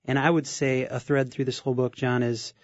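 A man's voice: mid-range voice, little pitch movement, fairly quick, dry recording, lo-fi sound. Hesitant male radio guest. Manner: hesitant, many fillers and restarts. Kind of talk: casual radio talk.

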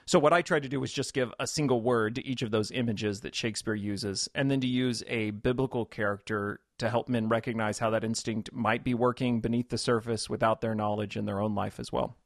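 A man's voice: mid-range voice, steady tone, fairly quick, gravelly, hardly any pauses, no echo, clean studio sound. A man, a pastor and author, thoughtfully explaining scripture as a guest in a radio interview. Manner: reflective, explains scripture with quoted voices.

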